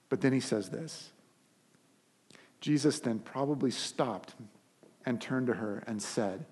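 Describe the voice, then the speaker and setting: A man delivers a sermon as a pastor, retelling a story with lively energy. His voice sits at a middle pitch with a husky edge, and he often restarts his phrases as he builds each point. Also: normal speed, pauses often. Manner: animated storytelling with frequent restarts.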